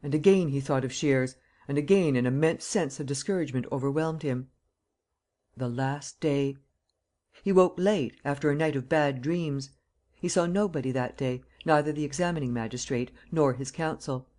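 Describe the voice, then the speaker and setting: A man narrating a classic novel as an audiobook in a steady, measured reading style. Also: a little high. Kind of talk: scripted narration.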